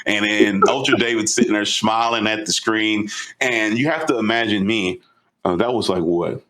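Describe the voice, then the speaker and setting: Low-voiced man telling a gaming story. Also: normal speed. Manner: animated, retelling with excitement. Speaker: podcast co-host. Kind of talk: casual storytelling chat.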